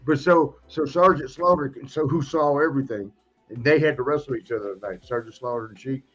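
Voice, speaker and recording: A man's voice: mid-range voice, a little fast, dull audio. A man telling wrestling stories in casual podcast chat, laughing often and acting out the people in them. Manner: laughing, animated storyteller acting out other people. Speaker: podcast guest, retired wrestler.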